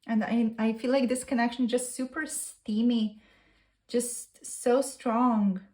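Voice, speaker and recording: A woman's voice: fairly high pitch, fairly even intonation, takes it slowly, a little mellow. A woman tarot reader speaking a channeled message in the first person, earnest and gushing, repeating herself.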